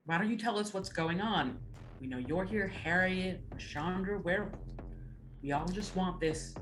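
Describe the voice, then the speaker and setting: Low-voiced woman, calm and persuasive. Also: measured pace, background noise. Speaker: player. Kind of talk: in-character roleplay as negotiator.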